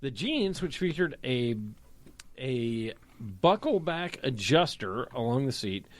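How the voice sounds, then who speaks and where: Lively male radio co-host reading news. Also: mid-range voice, slow pace. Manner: lively, reads news stories conversationally. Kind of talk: casual radio talk.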